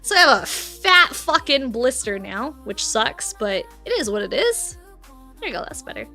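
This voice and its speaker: A woman streamer chats casually with her viewers from home. Her voice is high and bright, and she giggles and swears freely. Faint music plays behind her. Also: big pitch swings, moderate pace, vocal fry. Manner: chatty, giggly and casually profane. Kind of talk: casual chat with live chat.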